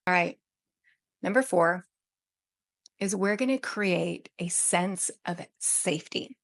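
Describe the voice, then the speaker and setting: A woman with a social work background giving parenting advice to camera in a calm, steady coaching tone, often checking in with "right?". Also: on the low side, slow, vocal fry, pauses often. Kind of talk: direct-to-camera advice talk.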